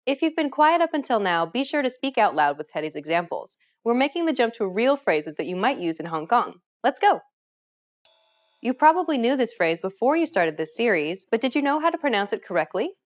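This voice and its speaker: A woman's voice: on the high side, sing-song, fairly quick. A woman narrating a scripted language lesson in an upbeat, encouraging way. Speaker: language teacher.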